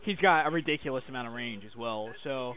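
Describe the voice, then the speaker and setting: A man's voice: mid-range voice, fairly quick, dull audio, a crowd in the background. A young man hosting a podcast, chatting casually, swearing often and laughing a lot. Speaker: podcast host. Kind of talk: casual chat.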